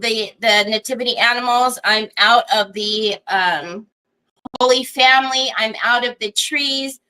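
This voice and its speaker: A woman's voice: a little high, sharp tone, poor audio. A middle-aged woman, hosting a craft livestream in casual, rambling chat, greeting viewers by name and laughing often.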